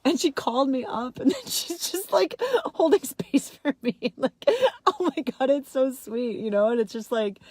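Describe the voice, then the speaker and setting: A woman's voice: moderate pace, no echo. A young woman telling a personal story in a casual vlog, laughing often and filling her talk with "like". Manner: giggly, says "like" constantly, swings high when excited. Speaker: vlogger.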